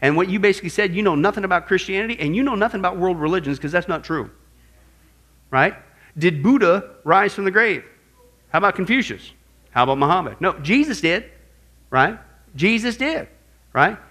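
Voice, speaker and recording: A man teaching a sermon-style apologetics lesson as pastor, emphatic and animated, often asking his listeners questions. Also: high voice, fairly quick, pauses often. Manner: emphatic, animated, asks audience rhetorical questions.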